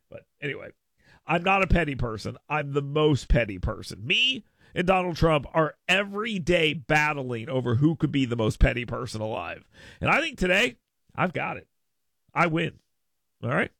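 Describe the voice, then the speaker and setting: A middle-aged man hosting a talk radio show, sarcastic and mock-petty, jumping between low mutters and hyped shouts in his monologue and ad reads. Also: sing-song, normal speed, creaky, no echo. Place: radio studio. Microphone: studio microphone.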